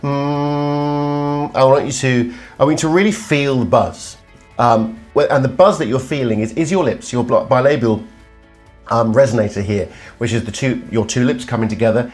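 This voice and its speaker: A middle-aged man teaching vocal technique as a coach, breaking off to hum and intone examples. His voice sits at a mid pitch, and faint music plays quietly behind him. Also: a little fast. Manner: demonstrative, hums and sings examples. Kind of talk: vocal exercise lesson.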